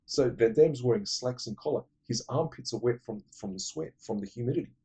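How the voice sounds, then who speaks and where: A man's voice: medium pitch, brisk, warm tone, slightly rough. A man casually retelling a movie plot for his film-ranking vlog, digressive, blunt and profane. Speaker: movie list vlogger.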